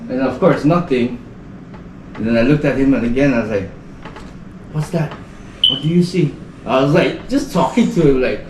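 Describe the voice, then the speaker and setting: In relaxed podcast chat, a man from the Northern Mariana Islands rambles through a story, using "like" over and over as filler. He speaks at medium pitch and a moderate pace with a darkish tone, pausing often. A distant mic gives a roomy sound, and there is slight background noise.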